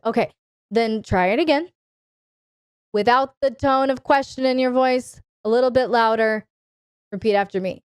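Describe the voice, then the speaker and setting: A woman hosting a live-stream advice Q&A, speaking in a commanding, deliberate, instructive way. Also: fairly high pitch, animated, clear, resonant tone, dry recording, studio quality. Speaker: dominatrix coach hosting a live Q&A.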